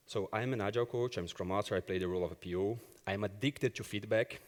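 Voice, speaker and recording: On a conference hall stage, an agile coach with a fairly low voice speaks fast, animatedly telling personal stories and acting out the dialogue. The recording has a big-room sound.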